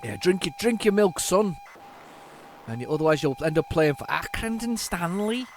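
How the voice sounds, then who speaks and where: A man's voice: high voice, lively intonation, moderate pace, a little mellow, a little hiss or hum, voice pushed up. A man putting on a jokey Scouse accent to play a boy from an old milk advert. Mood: teasing. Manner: jokey, broad impression.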